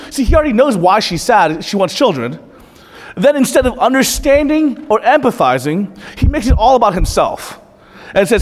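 A man with a high-pitched voice preaches a sermon, earnest and direct, often turning questions on his listeners. His voice rings through a church with long hall reverb. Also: very animated, normal speed. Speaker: pastor.

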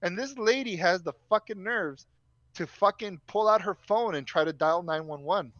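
A man's voice: sits high, moderate pace, a bit bright, no echo, highs cut off. A young man telling a story in a casual, profane, ranting way.

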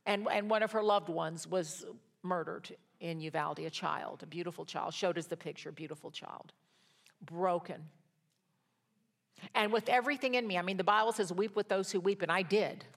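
An older woman leads a Bible study like a sermon. Her voice sits a little low, and her storytelling drops to a hush before it rises into rousing calls. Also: fairly quick, vocal fry, few pauses. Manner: storytelling, swings from hushed to rousing. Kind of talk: sermon-style teaching.

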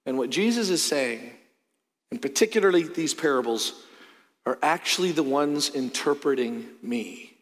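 A middle-aged man delivers a sermon from the pulpit in a fairly high voice. He is earnest, swinging from loud, emphatic peaks to quiet, low asides. His words ring out with a long reverb across the church sanctuary. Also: expressive, moderate pace. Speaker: pastor.

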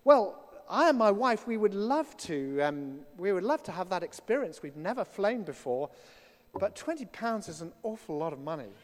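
A man's voice: high-pitched, big pitch swings, normal speed. A man voicing a penny-pinching farmer in a sermon joke, dry and matter-of-fact, in a church with long reverb.

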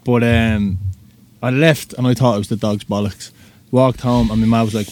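A man's voice: fairly low pitch, steady tone, moderate pace, darkish tone, a little hiss or hum. A man with a Dublin Irish accent hosting a casual podcast, bantering in a laid-back, sweary way. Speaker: podcast host.

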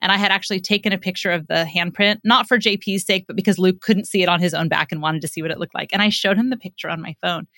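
A woman's voice: on the low side, fairly even intonation, quick pace, few pauses, sharp tone, no room sound, clean studio sound. A middle-aged woman, a psychotherapist, telling a parenting story in earnest, acting out what parent and child say. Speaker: psychotherapist and parenting author, podcast guest. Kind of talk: conversational storytelling, explaining.

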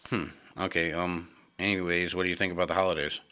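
Hesitant young man hosting, low voice. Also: fast talker, clear, resonant tone. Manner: hesitant, many ums, deadpan. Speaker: host. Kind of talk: amateur comedy podcast.

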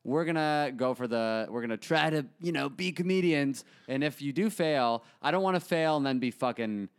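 A man's voice: a little high, animated, normal speed, smooth. A young man co-hosting a podcast, talking in an earnest, rambling way and laughing often. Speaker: podcast co-host. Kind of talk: casual comedic chat.

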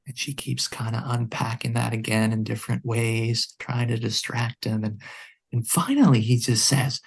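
A man guest on a podcast, telling a story in conversation in an earnest, measured way. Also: mid-range voice, fairly even intonation, gravelly, breathy edge.

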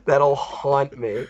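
Animated swearing man, lo-fi mic. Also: mid-range voice. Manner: animated, swears, does mocking voices of characters. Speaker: film podcast co-host. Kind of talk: casual film review chat.

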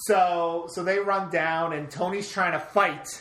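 A woman with a notably low voice chats casually as a podcast co-host, walking through a film's plot scene by scene. Her sentences trail off and restart as she goes. The sound is roomy, with clear echo around her. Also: fairly even intonation, a little slow, fairly bright tone. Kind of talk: casual movie recap chat.

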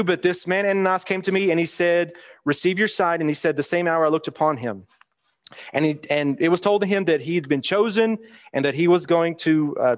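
A man with a slightly high voice teaches from the Bible. He talks plainly and conversationally, reading verses aloud and then explaining them in his own words. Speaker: preacher.

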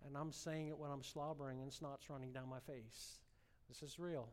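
A man preaching a sermon, telling a personal story with strong emotion and building to fervent, loud exhortation. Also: mid-range voice, steady tone, moderate pace, hardly any pauses, big-room sound. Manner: emotional storytelling, rising to impassioned shouting.

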